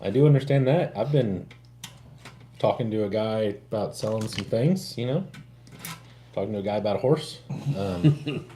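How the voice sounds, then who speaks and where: Chatty guy co-hosting a stream, voice sits lowish but bounces all over, bit of hiss behind. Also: moderate pace, long pauses. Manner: animated, jokey, swings up into loud bursts. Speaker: co-host of a livestream. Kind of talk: casual chat.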